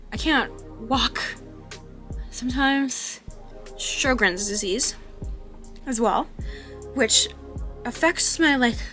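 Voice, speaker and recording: A young woman talking candidly in a personal vlog about living with chronic illness, halting and full of fillers, with soft laughs. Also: fairly high pitch. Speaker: vlogger.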